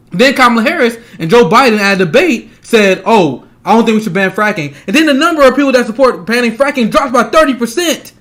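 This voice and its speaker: Speaking in a very high, fairly bright voice, the agitated political commentator fires off an angry, profane rant at speed, with scornful laughs breaking into his sentences between points.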